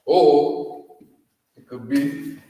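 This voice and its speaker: A man's voice: fairly high pitch, drawn-out words, dark tone. A man giving a casual, repetitive religious language lesson, often checking that listeners follow. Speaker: religious teacher. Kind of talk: street preaching lesson. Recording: echoey, from far off in a reverberant space.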